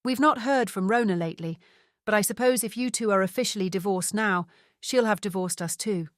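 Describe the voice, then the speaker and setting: A woman's voice: mid-range voice, brisk, dry recording, clean studio sound, lightly acted. A woman voicing a motherly, fussing mother in her early seventies. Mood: fond. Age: 70s. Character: warm older mother, fussing.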